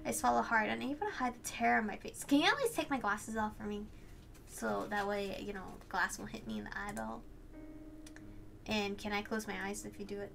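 A woman reading a visual novel aloud and reacting in an excitable, gushing way, swearing and laughing at the story. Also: fairly high pitch, gravelly. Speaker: let's play host.

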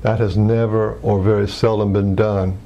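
Male workshop presenter, mellow, rambling delivery with restarts. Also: on the low side, level tone, normal speed, lo-fi sound, a little hiss or hum. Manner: rambling, many restarts and fillers. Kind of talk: teaching commentary.

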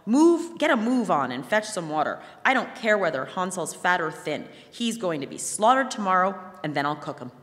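A woman reading aloud voices a wicked, greedy old witch with a shrill, commanding voice. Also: lively intonation, a little fast, hardly any pauses, fairly bright tone. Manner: raised, barking commands. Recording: long hall reverb.

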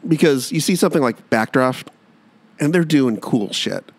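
A man co-hosting a comedy podcast in casual chat, animated, with self-mocking deadpan asides. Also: mid-range voice, normal speed. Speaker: podcast co-host.

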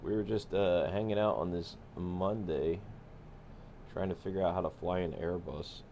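A man's voice: deep voice, fairly even intonation, moderate pace, dark tone, dull audio, slight background noise. A man streaming a flight simulator, chatting casually and joking with his viewers as he sets up the flight. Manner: laid-back, joking, thinking aloud. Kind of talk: casual live-stream chat.

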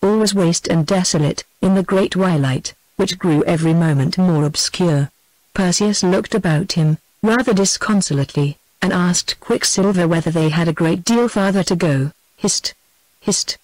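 A text-to-speech woman's voice with a British accent, reading a storybook aloud in an even, synthetic cadence. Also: fairly low pitch, moderate pace, no room sound, low-quality recording. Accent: British English. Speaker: audiobook narrator. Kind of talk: text-to-speech audiobook narration.

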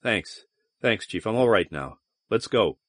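A frightened starship officer, as a man reads him, snappy and strained. Lively pitch, dry close sound. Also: a little slow, no echo. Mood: tense.

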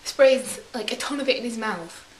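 A woman's voice: fairly high pitch, moderate pace. A young woman vlogger telling rambling stories in a put-on English accent, often correcting herself as she goes. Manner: rambling, self-correcting, chatty. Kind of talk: casual storytelling vlog. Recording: echoey room with faint hiss.

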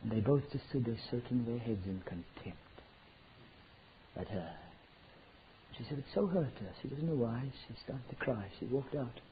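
A man preaching a sermon, swinging from loud fervent declarations to hushed near-whispers. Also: medium pitch, normal speed, pauses often. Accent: South African. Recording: tinny lo-fi sermon recording with faint noise.

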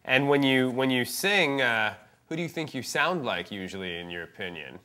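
A woman's voice: a bass voice, lively intonation, normal speed, bright, forceful tone, full character voice. A woman playing Jesus as a sarcastic, exasperated male talent judge in a comedy sketch. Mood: polite.

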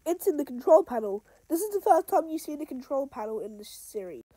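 Woman voicing a mellow cartoon bunny helper. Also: high voice, sing-song, a little fast, dry recording. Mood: explaining.

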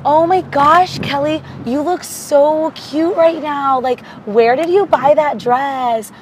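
Brief: woman doing a high, drawling, gushing teen girl. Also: slight background noise. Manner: slow, gushing, sing-song. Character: gushing bubbly teenage girl.

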